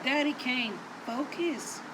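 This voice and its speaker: A woman's voice: sits high, slow pace. A woman voicing a sassy, impatient fellow cane master who teases bluntly in a comedy sketch. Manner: teasing, blunt. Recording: loud background noise.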